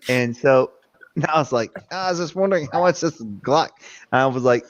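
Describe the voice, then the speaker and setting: Man, casual chat, swearing, lively pitch, dull lo-fi sound. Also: a little fast. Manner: profane, animated storytelling. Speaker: panel member.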